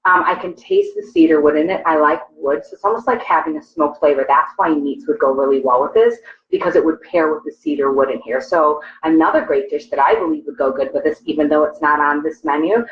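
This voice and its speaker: A woman's voice: low-pitched, brisk. A woman co-hosting a casual wine tasting livestream at home, talking in a chatty, descriptive way with many "um"s. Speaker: co-host, mother. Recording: echoey room, dull lo-fi sound.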